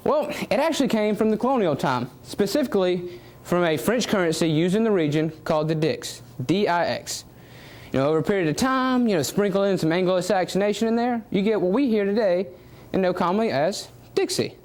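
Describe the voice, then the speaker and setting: Talking quickly in a high-pitched voice, a young Southern US man competes as a student public speaker. His speech is lively, and he keeps tossing rhetorical questions to the audience along the way.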